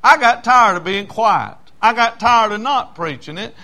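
Preacher guy, high voice, folksy, goes from loud bursts to low mumbles, lots of uh uh. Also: expressive, a little slow. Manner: dramatic, swings between loud outbursts and low murmurs; folksy, with many fillers and restarts. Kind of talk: sermon.

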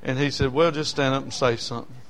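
A man's voice: mid-range voice, fairly even intonation, quick pace, fairly bright tone. Folksy preacher man telling stories. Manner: folksy storytelling, rising to emotional peaks. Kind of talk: sermon with personal testimony.

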